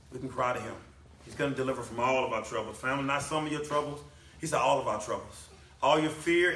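A man's voice: mid-range voice, recorded from a distance, slight background noise. Man preaching in an echoey hall. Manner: repetitive, emphatic preaching, swinging from loud to soft. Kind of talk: sermon. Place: church hall.

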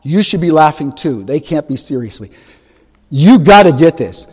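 A man preaching a sermon, emphatic and animated, swinging from loud to soft. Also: a little high, moderate pace, breathy edge. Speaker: pastor. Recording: long hall reverb.

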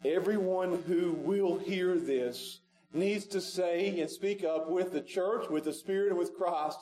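A male pastor preaching a sermon in a church sanctuary, repeating his pleas with passion and swinging from loud pleading to hushed. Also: high-pitched, measured pace, poor audio.

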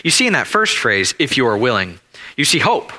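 A male pastor preaching an expository sermon, repeating phrases with emphasis and slowing down on key words. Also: mid-range voice, big pitch swings, sharp tone.

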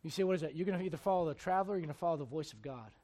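A man preaching a sermon who swings between quiet, conversational asides and loud, emphatic exhortation, acting out the voices he quotes. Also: fairly high pitch, racing. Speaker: pastor.

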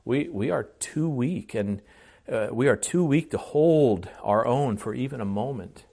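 Male pastor, sermon delivery, mid-pitched voice, earnest, restarts words, rises in volume to stress points. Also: lively intonation, unhurried, gravelly, dark tone. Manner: earnest preaching with frequent restarts, swells in volume on key phrases.

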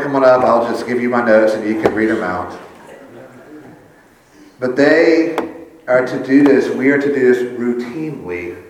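An earnest male pastor preaches in a steady middle register, his voice rising and pressing harder as he drives his points home. He slips in light, self-deprecating asides. The sound rings through a very reverberant church hall. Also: mid-range voice. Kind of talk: sermon. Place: church sanctuary.

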